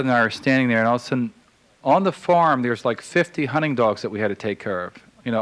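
A man's voice: mid-range voice, a bit bright, poor audio. Rambling man telling a story. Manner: rambling, halting with fillers. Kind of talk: casual spoken anecdote.

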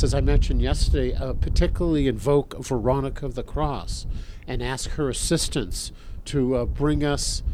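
A priest leading his listeners in prayer, reciting a long litany in a measured, solemn way. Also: mid-range voice, noisy background.

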